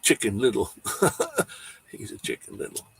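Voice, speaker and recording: A man's voice: on the low side, wildly swooping pitch, unhurried, creaky, breathy edge. A man hosting a casual livestream, rambling easygoing chat while showing photos, chuckling now and then. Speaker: livestream host.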